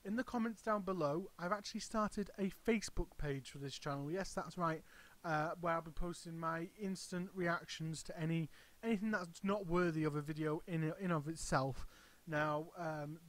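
Higher-voiced man rambling about wrestling. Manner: rambling, hesitant, frequent restarts. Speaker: wrestling channel host. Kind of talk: casual vlog commentary.

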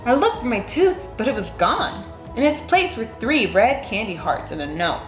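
A woman reading a children's picture book aloud in an expressive, sing-song way. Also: fairly high pitch, normal speed, hardly any pauses, echoey room, soft background music. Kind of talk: read-aloud storytelling.

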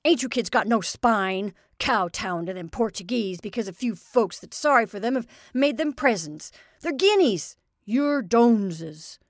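A woman's voice: fairly low pitch, measured pace, hardly any pauses, darkish tone, dry recording, clean studio sound. Woman voicing a surly, blustering father. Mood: indignant. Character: gruff, bitter working-class father, middle-aged man.

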